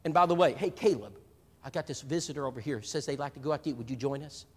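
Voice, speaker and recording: At a church seminar, a man preaches with animated stories, voicing the people in his acted-out anecdotes. He talks fast at medium pitch with a slightly rough voice. It's a live stream from a church hall with a long hall reverb.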